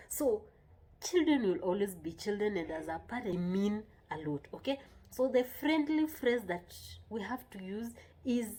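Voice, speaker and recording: A woman's voice: mid-range voice, darkish tone, breathy edge. A woman talking casually and earnestly about parenting, often repeating herself and checking in with the listener. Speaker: parenting vlogger. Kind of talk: casual advice talk.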